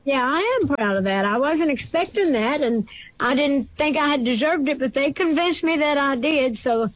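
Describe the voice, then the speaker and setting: A woman's voice: high voice, lively intonation, normal speed, slight background noise, rough recording. A woman in her seventies answering interview questions over a video call, with a dry, teasing wit. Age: 70s.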